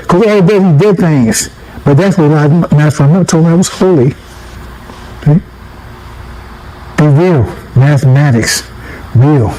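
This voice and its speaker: A man's voice: sits high, darkish tone, a little hiss or hum, poor audio. A man giving a casual street-style sermon, talking conversationally, repeating himself, chuckling and checking in with listeners with "right?". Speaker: preacher.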